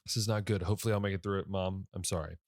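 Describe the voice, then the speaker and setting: Young male podcast host, late-night and sleepy, chatty with lots of fillers, lowish voice, dry recording. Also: steady tone, rapid-fire, no room sound. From Ohio. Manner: rambling, self-correcting, many fillers. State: tired, yawning. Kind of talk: casual solo podcast talk.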